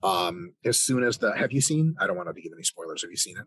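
An American man talking as a podcast guest, animated and ranting with plenty of swearing. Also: medium pitch, fast talker, vocal fry, husky, no echo. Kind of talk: casual conversation.

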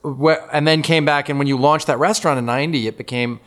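A man's voice: on the high side, steady tone, fast talker, fairly bright tone. Fifties guy hosting a chat, eager, keeps asking follow-ups. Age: 50s. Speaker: podcast host. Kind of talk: casual interview.

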